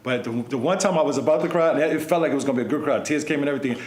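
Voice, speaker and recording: A man's voice: mid-range voice, rapid-fire, darkish tone, echoey room, slight background noise. A man hosting a casual podcast, telling stories animatedly and swearing freely. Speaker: podcast host. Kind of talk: casual storytelling chat.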